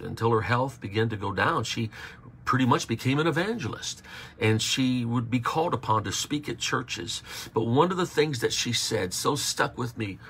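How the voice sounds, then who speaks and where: A man's voice: medium pitch, a bit bright, slight background noise. A man preaching a livestreamed sermon as pastor, repeating his key phrases and calling on listeners to respond.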